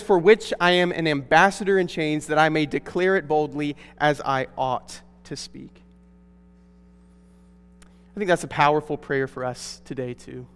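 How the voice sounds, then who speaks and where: A pastor delivering an earnest, emphatic sermon to his congregation in a church. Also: on the high side. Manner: earnest, emphatic preaching with rising stresses. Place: church sanctuary. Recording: long hall reverb.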